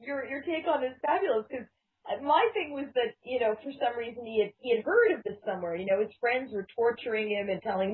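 A woman's voice: a little high, fast talker. A woman co-hosting a casual chat, playful and wordy, laughing often. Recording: tinny phone-like sound.

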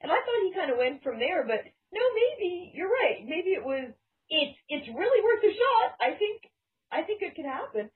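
A woman's voice: extremely high pitch, big pitch swings, moderate pace. A woman co-hosting a casual chat, playful and wordy, laughing often. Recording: tinny phone-like sound.

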